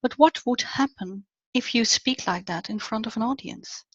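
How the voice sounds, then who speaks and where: A middle-aged woman with a Dutch accent giving an online talk on public speaking, animated and dipping to near whispers for emphasis. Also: on the high side, moderate pace, few pauses, dry recording. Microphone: video call. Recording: dull, dry online audio.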